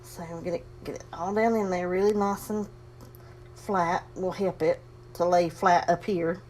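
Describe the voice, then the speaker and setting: A woman's voice: on the low side, steady tone, unhurried, darkish tone, a little hiss or hum. A woman casually demonstrating a sewing project, chatty and folksy, talking herself through each step and breathing a little heavily. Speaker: crafting tutorial host.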